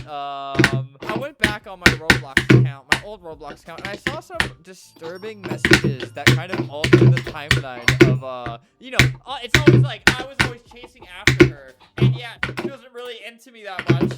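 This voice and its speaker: A young man in his twenties giving comedic gameplay commentary with dark, deadpan jokes and playful storytelling. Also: a little high. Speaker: gaming video creator. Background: loud background music.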